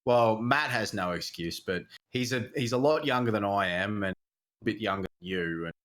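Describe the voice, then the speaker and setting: A man's voice: fairly low pitch, moderate pace, fairly bright tone. Blunt, teasing Australian man. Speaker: podcast co-host. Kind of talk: casual gaming chat.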